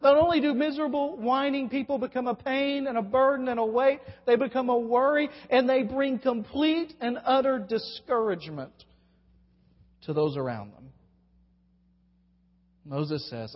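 A man preaching a sermon, asking rhetorical questions, answering them himself and stretching words out with emphatic pauses. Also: very high-pitched. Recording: dull sound with long hall reverb.

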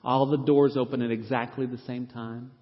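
A middle-aged man, a pastor, telling an animated, self-deprecating story from the pulpit and acting out the people he quotes. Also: mid-range voice, normal speed. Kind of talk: storytelling sermon. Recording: reverberant hall, dull lo-fi sound.

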